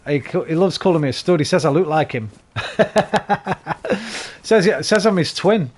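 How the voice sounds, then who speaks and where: A man's voice: on the high side, animated, brisk, a little mellow. A tired man chatting and rambling casually to his viewers while streaming a game. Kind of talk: casual live-stream chat while gaming.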